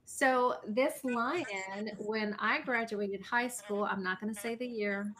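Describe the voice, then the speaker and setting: A woman's voice: mid-range voice, takes it slowly, fairly bright tone, low-quality recording. A woman hosting a casual online interview, upbeat and effusive. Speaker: host.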